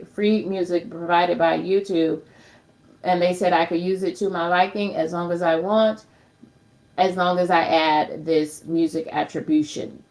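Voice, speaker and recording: A woman's voice: on the low side, gravelly, a little mellow. A woman hosting a casual tutorial livestream, chatty and upbeat, talking to viewers as friends and calling herself by name. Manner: refers to herself in third person. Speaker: livestream host.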